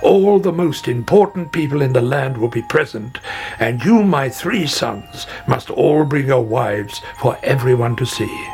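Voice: medium pitch, expressive, unhurried, a little mellow. A storyteller voicing a proud, commanding old king who proclaims his orders, for a storybook reading with music behind. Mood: proclaiming.

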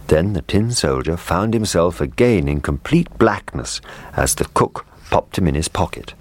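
Deep-voiced male storyteller. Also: animated, normal speed. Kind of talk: storybook reading.

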